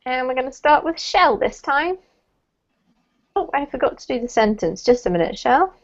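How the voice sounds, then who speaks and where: A woman's voice: high voice, big pitch swings, normal speed. A woman teaching pronunciation to a small online group, giving encouraging feedback over a video call. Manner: encouraging, gives gentle feedback. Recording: muffled video call audio.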